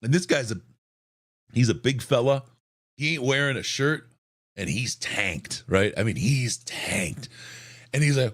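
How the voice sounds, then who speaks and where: A man co-hosting a sports podcast who tells an excited story in a hoarse voice, often repeating words. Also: mid-range voice, moderate pace. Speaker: podcast co-host.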